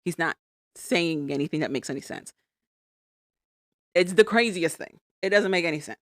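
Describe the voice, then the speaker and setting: A woman with a somewhat low voice recaps a reality show in a casual podcast chat, acting out what the people on screen said. She is on a close mic in a dry room. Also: normal speed, dry recording. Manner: animated storytelling, acts out quotes. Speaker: podcast co-host.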